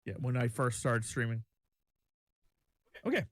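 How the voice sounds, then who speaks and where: A man narrating a tabletop game as game master, making it up as he goes, halting and restarting. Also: mid-range voice, lively intonation, dry recording.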